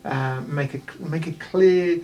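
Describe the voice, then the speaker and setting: Halting man game master. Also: fairly high pitch, mellow, distant mic, muffled recording. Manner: halting, lots of ums and restarts. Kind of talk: narrating a tabletop game.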